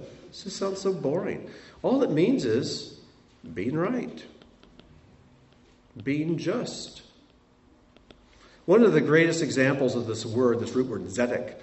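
A man's voice: mid-range voice, darkish tone. A middle-aged man preaching a sermon as a pastor, conversational, asking his congregation rhetorical questions. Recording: roomy sound from a distant mic.

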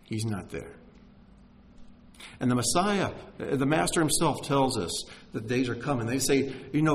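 Man, preacher, sermon, lively pitch, storytelling, hushes for emphasis. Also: unhurried, low-quality recording. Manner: animated storyteller, drops to a hush for emphasis.

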